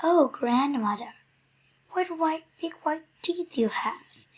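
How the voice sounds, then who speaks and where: A woman's voice: high-pitched, expressive, slow pace, voice pushed up. A woman voicing a polite, cheerful little girl in a storybook reading. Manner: polite and sweet.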